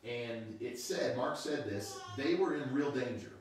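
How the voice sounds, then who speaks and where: A male pastor giving a casual, conversational sermon online, unhurried and relaxed. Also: mid-range voice, slight background noise. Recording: very echoey room, mic far off.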